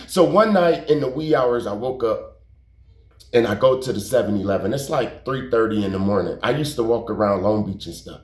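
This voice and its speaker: A YouTube storyteller with a mid-range, slightly mellow voice tells a story casually and ramblingly, repeating himself and using slang and curses for emphasis. His intonation is lively and his pace brisk. The recording has a roomy echo.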